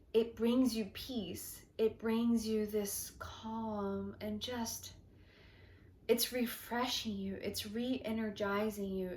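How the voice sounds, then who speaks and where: A woman gives a tarot reading at an unhurried, drawn-out pace. Her voice sits at a middling pitch and stays gentle and hushed, now and then sinking almost to a whisper as she muses. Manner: slow, soft and dreamy, often dropping to a near whisper. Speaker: tarot reader. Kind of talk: intuitive tarot reading monologue.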